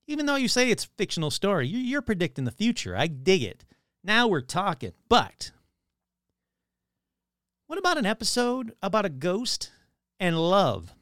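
A man's voice: high-pitched, huge pitch swings, normal speed, pauses often, a bit bright, dry recording, clean studio sound. A man hosting a paranormal show, reading AI-written scripts aloud and commenting wryly as he goes. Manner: wry, self-interrupting, amused.

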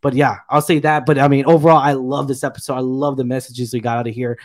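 A man's voice: mid-range voice, level tone, fast talker. A man co-hosting a casual TV review chat, retelling scenes in a rambling, filler-heavy, enthusiastic way. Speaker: podcast co-host reviewing a TV episode.

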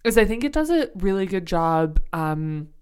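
A young woman with a smooth, clear voice that sits a little low, chatting on a book podcast. She talks thoughtfully and hedges often, circling back with frequent fillers as she looks for the right word. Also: big pitch swings, moderate pace, darkish tone. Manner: thoughtful, hedging with many fillers. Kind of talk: casual book discussion.

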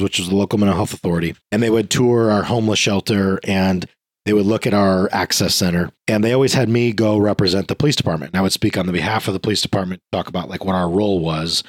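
A man's voice: lowish voice, breathy edge, dry recording. A man, a former police officer and podcast guest, answering candidly and with self-deprecating frankness.

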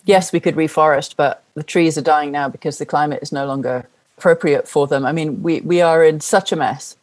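A middle-aged woman, her voice sitting notably low. She speaks as an interview guest, recounting personal experience in an earnest, heartfelt way and returning to key phrases for emphasis. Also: fairly even intonation, fairly quick, a little mellow. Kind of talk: personal storytelling in conversation.

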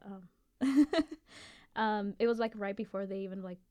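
A young adult woman telling a story in a casual chat with friends. She is animated and giggly, and uses many fillers. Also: mid-range voice, measured pace.

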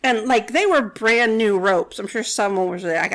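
Woman storyteller, high-pitched, casual and wry, peppered with fillers. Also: lively intonation, normal speed. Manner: chatty and sarcastic, many "like" fillers. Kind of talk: casual retelling of a Bible story.

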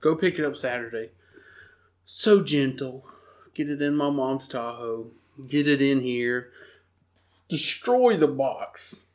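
A man, co-hosting a podcast and telling a story in an animated, laughing way. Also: medium pitch, slow, long pauses. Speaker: podcast co-host. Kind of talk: casual storytelling chat.

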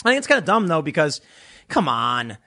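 A man's voice: on the high side, very animated, brisk, sharp tone. A man ranting as a political commentator, sarcastic, dismissive and blunt. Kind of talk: casual opinion rant.

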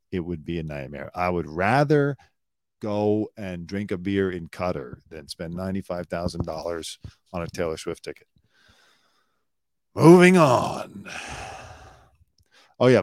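A man's voice: low voice, a little mellow, no echo, studio quality. A man hosting a casual live-stream news commentary, talking bluntly and opinionated, swearing freely and rambling with asides. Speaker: host, former entertainment news producer.

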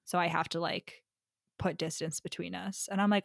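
A woman's voice: on the low side, steady tone, normal speed, gravelly, no echo, clean studio sound. A woman co-hosting a casual book chat podcast, talking loosely and candidly with frequent fillers and casual swearing. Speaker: podcast co-host.

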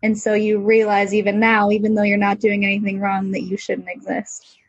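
A woman with a soft, breathy voice speaks calmly and with insight. The sound is dry and a little dull, with no room echo. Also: medium pitch, moderate pace. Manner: calm, gently insightful. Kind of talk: casual podcast conversation.

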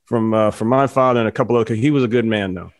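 A man chatting casually on a talk show, telling a lively story and voicing the people in it, often laughing. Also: fairly low pitch, quick pace, dry recording. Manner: animated storyteller, voices his characters, laughs often. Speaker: podcast co-host, former football player.

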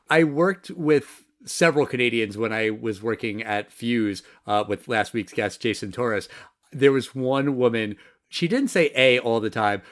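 A man from the US hosting a casual film review podcast, speaking in a measured way, explaining things and asking his co-host questions. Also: medium pitch.

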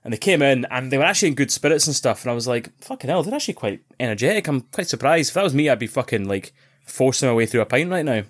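A man telling a lively story in casual podcast chat, swearing freely and acting out other people's shouts. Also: mid-range voice, fast. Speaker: podcast co-host.

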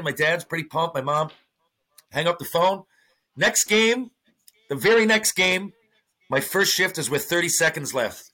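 A man, a former hockey player, telling profane, animated stories in a casual podcast interview. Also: fairly high pitch, moderate pace. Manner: profane, animated storytelling with acted-out quotes.

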